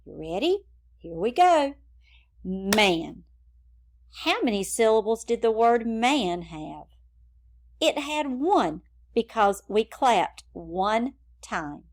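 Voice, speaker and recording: A woman's voice: mid-range voice, darkish tone. A woman teaching a phonics lesson to young children in an encouraging classroom manner. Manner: slow, encouraging, sing-song classroom delivery.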